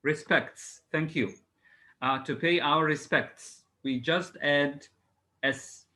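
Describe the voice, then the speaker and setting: A male teacher on a video call runs an online English class drilling exam word formation, his slightly high voice bright and forceful. He is patient, spells words out letter by letter, and fills pauses with hesitations. The recording quality is low.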